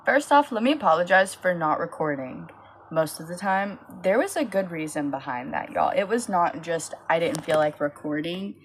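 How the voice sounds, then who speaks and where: Tired young woman, low-ish voice, rambling casual phone vlog storytelling. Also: normal speed, a little hiss or hum. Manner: tired, rambling, animated with high-pitched quoted voices. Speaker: small business owner vlogging.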